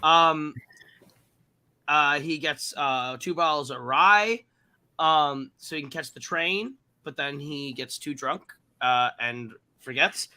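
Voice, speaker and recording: A man's voice: on the high side, takes it slowly, pushed and bright, smooth. A man hosting a podcast, recapping a film in a casual, rambling and profane way, with lots of ums and uhs. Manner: rambling and profane, heavy fillers. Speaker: podcast host.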